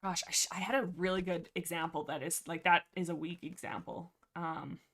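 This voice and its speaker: Lady livestreamer yapping casually, kinda low voice, lots of um and like, restarts a lot. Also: fairly even intonation, fairly quick, a bit bright, slight background noise. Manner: rambling, many fillers and restarts, reads chat aloud. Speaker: livestream host. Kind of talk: casual rambling book discussion.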